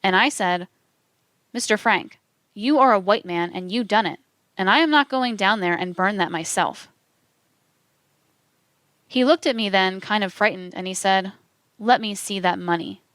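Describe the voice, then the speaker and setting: Smooth-voiced woman narrating true crime. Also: mid-range voice, no echo. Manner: measured, even reading with spoken quote marks. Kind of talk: scripted true-crime narration reading court testimony.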